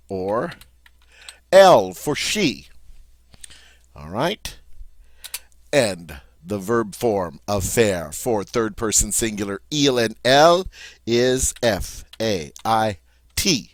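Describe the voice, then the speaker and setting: A man's voice: fairly low pitch, sing-song, takes it slowly, long pauses, dry recording. A man teaching French grammar, patiently spelling out verb forms letter by letter. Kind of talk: recorded grammar lesson.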